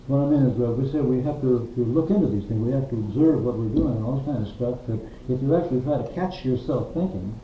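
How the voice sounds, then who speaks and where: Man, mellow deep voice, hedging tentative speech, roomy echo. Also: quick pace, hardly any pauses, a little hiss or hum. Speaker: discussion participant. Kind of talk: philosophical discussion. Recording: echoey room with faint ambience.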